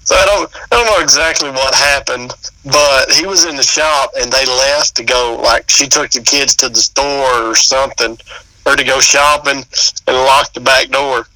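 A man's voice: mid-range voice, steady tone, normal speed, pushed and bright, dry recording, rough recording. A man in laid-back casual chat, agreeing often and telling short stories.

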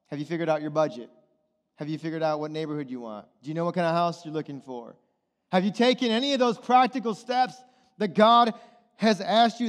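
A middle-aged male pastor preaching a sermon, animated and firing rhetorical questions at the congregation. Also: a little high. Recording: long reverb of a large hall.

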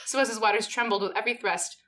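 A woman's voice: mid-range voice, steady tone, fast, sharp tone. A woman co-hosting a comedy podcast, reading a story in a mock-sultry way and often giggling. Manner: giggly, mock-sultry narration that breaks into laughter. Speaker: podcast co-host reading fan fiction. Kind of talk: comic dramatic reading.

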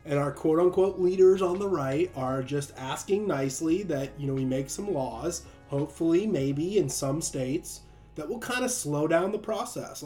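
A man's voice: a little high, normal speed, dark tone, faint music behind. A man delivering a sarcastic opinion monologue, mocking his targets and laughing often. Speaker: commentator.

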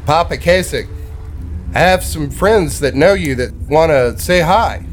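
A man's voice: fairly high pitch, expressive, a little slow, voice pushed up. A man voicing a friendly young male beast-folk guide in a tabletop game. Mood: eager.

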